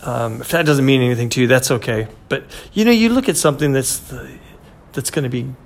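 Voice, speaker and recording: A man's voice: medium pitch, lively intonation, brisk. A man in his fifties talking in a rambling, conversational monologue as a podcast host, full of fillers and restarts. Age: 50s. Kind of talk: casual motivational monologue.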